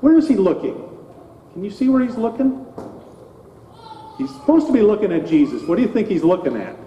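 A man's voice: sits high, animated, brisk, a little hiss or hum. A man, a pastor, giving a children's sermon in a church, talking animatedly and asking the children questions. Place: church sanctuary. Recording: echoey hall, dull sound.

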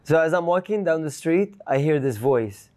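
This guest on a podcast is a man with a slightly high voice and a moderate pace. His story comes out casual, animated, and rambling, with frequent laughter and plenty of "like" and "you know."

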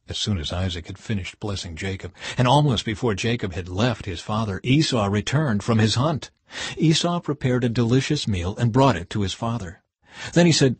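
Man, scripture reading, husky voice, dry close sound, measured. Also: no room sound. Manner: measured, dropping low at phrase ends. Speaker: Bible reader.

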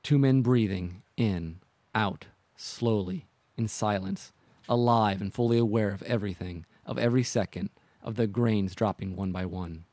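A man co-hosting a podcast who reads a story in measured scripted narration and also chats casually. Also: on the low side, mellow, no echo.

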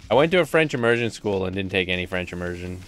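A man's voice: sits low, lively intonation, fast, background noise. A man casually commenting on his live playthrough of a video game, rambling and chatty, often reading the game's lines aloud. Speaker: gaming streamer.

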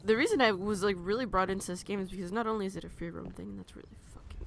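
A woman's voice: medium pitch, racing, vocal fry, hardly any pauses, slight background noise. Jittery young woman playing a horror game. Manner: jittery, nervous laughter, swearing when startled. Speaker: let's play gamer.

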